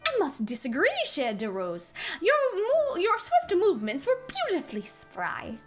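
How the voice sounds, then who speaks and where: A woman reading lines as a flowery, theatrical young male hunter who speaks in a grandiose, flattering way. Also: high voice, normal speed, faint music behind, voice pushed down. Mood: admiring.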